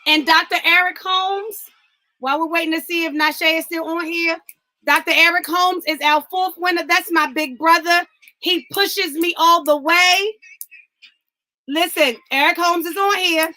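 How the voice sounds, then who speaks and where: Exuberant high-voiced woman hosting a livestream. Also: fairly even intonation, measured pace, sharp tone, low-quality recording. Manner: exuberant, preacher-like, calls out viewers by name. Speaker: host. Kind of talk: livestream talk, giveaway.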